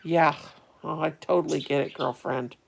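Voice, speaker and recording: A woman's voice: low-pitched, steady tone, moderate pace, creaky, slight background noise. A middle-aged woman, rambling casually to her live-stream viewers and answering their chat. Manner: rambling, chatty, talks to viewers. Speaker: vlogger reading live chat.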